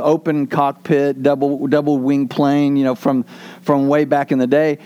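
A man preaching to his church, relaxed and folksy, telling a joke before reading scripture. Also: medium pitch. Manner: relaxed, folksy, chuckles often. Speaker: pastor.

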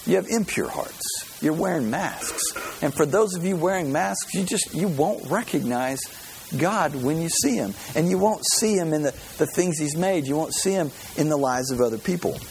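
A man's voice: a little high, animated, moderate pace, a little mellow, slight background noise, rough recording. A man preaching a sermon, earnest and conversational, often repeating words as he builds a point. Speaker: pastor.

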